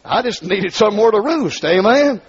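A man with a rural Southern accent preaching his testimony in a large hall, dropping low to tell his story and rising to shout. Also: expressive, moderate pace, husky. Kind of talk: fiery revival sermon. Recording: dull lo-fi recording.

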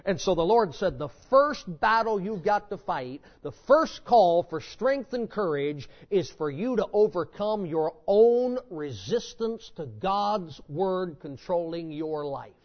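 High-voiced man preaching fervently. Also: lively intonation, takes it slowly, hardly any pauses. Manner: fervent preaching, swings from loud emphasis to low intensity. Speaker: pastor. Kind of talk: sermon. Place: church. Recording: dull lo-fi sermon recording.

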